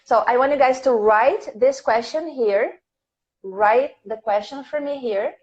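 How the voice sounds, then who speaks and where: A woman with a fairly high voice teaches English in a live online class, speaking very slowly and patiently as she repeats each question. She is a native Portuguese speaker, and her audio sounds dull and lo-fi. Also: darkish tone. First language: Brazilian Portuguese.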